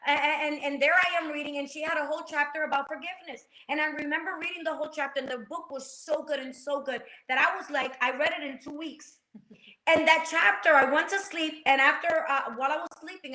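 A woman tells her faith story with a preacher's passion, her voice high and bright. Her words ring in an echoey room. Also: steady tone, brisk. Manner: passionate, preacher-like, acts out quotes. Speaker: guest sharing testimony. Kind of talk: faith-based talk show conversation.

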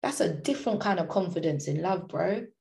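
A woman's voice: lowish voice, lively intonation, a little fast, gravelly, a little mellow. A woman giving an inspirational talk, passionate and slangy, driving her points home with repetition. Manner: passionate, slangy, repeats phrases for emphasis.

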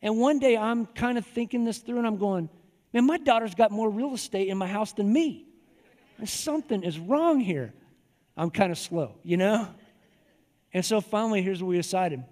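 A man's voice: high voice, lively intonation, moderate pace, darkish tone. A man in his forties preaching a sermon in a conversational, folksy storytelling manner, driving points home with repetition. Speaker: pastor. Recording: long hall reverb.

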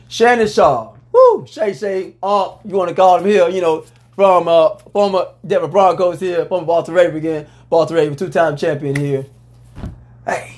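A man hosting a casual sports talk show, talking in a loose, rambling way and letting out loud whoops. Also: fairly high pitch.

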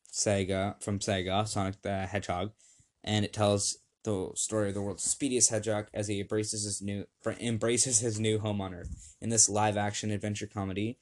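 A young man hosting a casual home podcast, upbeat and rambling, with many fillers, reading lists off a screen. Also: lowish voice. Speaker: podcast host.

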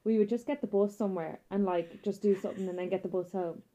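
A young Irish woman in her twenties, a guest telling stories in casual chat, lively and laughing, with plenty of fillers. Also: medium pitch, quick pace. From Ireland. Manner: animated storyteller, frequent laughter and fillers. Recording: muffled, dull audio.

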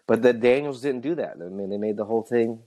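A man co-hosting a podcast, talking casually in quick bursts full of asides. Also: mid-range voice, slight background noise. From United States. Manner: animated, talks in quick bursts with many asides. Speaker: podcast co-host.

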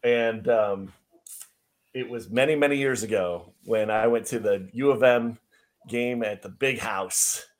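A man's voice: on the low side, measured pace. A man co-hosting a podcast, chatting casually and telling a funny story with easy laughs. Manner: animated storyteller who laughs easily and says "dude". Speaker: podcast co-host.

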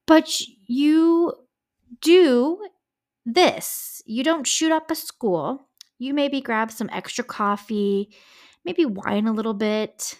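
A woman's voice: fairly high pitch, measured pace. A woman hosting a true-crime podcast, telling a case in a chatty, emotional way with frank asides and the odd curse. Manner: chatty, emotional asides, swears when upset. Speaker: podcast host.

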